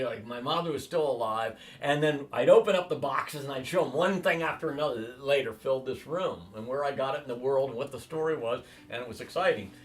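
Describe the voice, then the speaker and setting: The speaker is a man in his sixties being interviewed, his mid-range voice picked up from a distance. Lively and meandering, he relates long stories about his life and acts out quoted speech in character.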